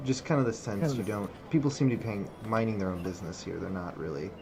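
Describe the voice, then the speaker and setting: A man narrating as game master over an online call, relaxed, with many fillers. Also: fairly low pitch, fast, vocal fry, background noise.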